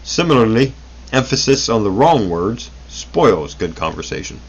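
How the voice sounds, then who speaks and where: A man's voice: fairly low pitch, big pitch swings, moderate pace, slightly rough, dull audio. A man reading an old self-help booklet aloud, unrehearsed, stumbling over words and correcting himself as he goes.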